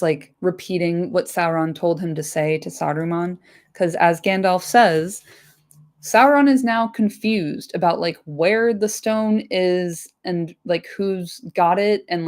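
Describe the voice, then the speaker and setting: Low-voiced woman chatting, full of fillers. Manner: rambling, filler-heavy, swears freely. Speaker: podcast host. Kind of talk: casual book chat.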